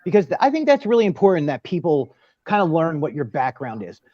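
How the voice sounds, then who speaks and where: Um homem que apresenta um bate-papo ao vivo entre fãs, em tom descontraído e cheio de piadas. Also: male voice, on the high side, sing-song, dry recording. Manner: jokey, laughs often, fast talking. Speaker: host. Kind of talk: casual livestream panel chat. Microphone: video call. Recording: dull dry lo-fi sound.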